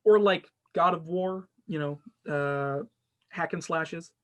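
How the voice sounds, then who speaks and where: A young man hosts a casual gaming podcast, rambling and restarting his sentences often. His voice sits a little high for a man. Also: slow. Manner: rambling, many restarts and fillers. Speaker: podcast host. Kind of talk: casual chat.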